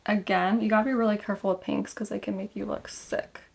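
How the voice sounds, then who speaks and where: A woman's voice: mid-range voice, level tone, fast talker, gravelly, slightly rough. A young woman vlogger chatting casually through a makeup tutorial, rambling and correcting herself as she goes.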